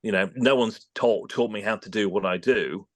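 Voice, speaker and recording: Speaking at a normal speed with a fairly low pitch, a British-accented man from England who does voice-over work chats in a casual interview. He animatedly acts out studio exchanges in quoted voices, and the audio has no echo.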